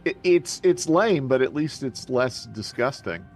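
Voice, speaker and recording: A man's voice: mid-range voice, animated, measured pace, a little mellow. A man playing a tabletop game who teases the others in mock disgust. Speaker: player.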